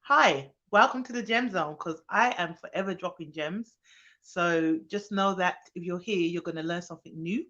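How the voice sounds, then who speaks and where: A woman's voice: on the low side, moderate pace, sharp tone, dull audio. Chatty woman on a live stream. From Birmingham, England. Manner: chatty, greets viewers by name, frequent ums. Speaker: childcare expert hosting a live stream. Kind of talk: casual live-stream chat.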